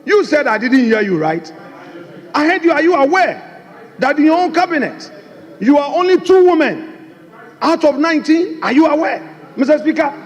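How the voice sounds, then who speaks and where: A man's voice: extremely high pitch, very animated, moderate pace, pauses often. A man, the minority leader, pressing his case in a parliamentary debate and repeating his points insistently. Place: large parliament chamber. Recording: chamber mic with long hall reverb.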